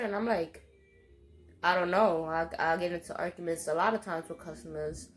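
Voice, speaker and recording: Animated, profane young New woman. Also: mid-range voice, fairly quick. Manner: animated, profane, slangy storytelling. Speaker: vlogger. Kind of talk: storytime monologue.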